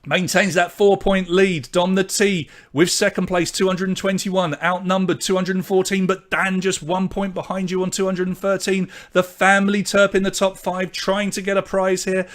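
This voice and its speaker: A man hosting a live online pub quiz, from Britain, briskly reading out questions, answers and scores and chatting with viewers. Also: sits high, level tone, a bit bright.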